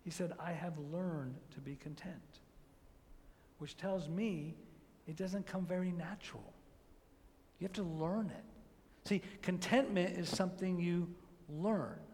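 A man preaching a sermon as pastor, swinging between hushed, drawn-out emphasis and loud, rising peaks, with repeated phrases and rhetorical questions. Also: high-pitched, in a large hall, a little hiss or hum.

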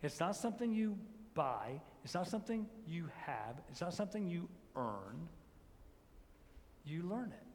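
A man preaching a sermon as pastor, swinging between hushed, drawn-out emphasis and loud, rising peaks, with repeated phrases and rhetorical questions. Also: fairly high pitch, very animated, in a large hall, slight background noise.

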